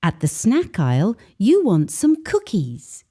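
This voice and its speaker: Woman doing a slow english lesson, mellow voice, lots of ups and downs, reads phrases clear. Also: huge pitch swings. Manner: slow and clear, sample phrases read with a higher lilt. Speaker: English teacher.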